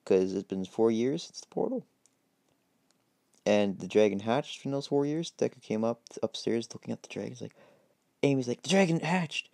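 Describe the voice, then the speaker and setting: A man's voice: medium pitch, normal speed, creaky, mellow, no room sound, studio quality. A man improvising a game story as narration, rambling and hesitant with many fillers.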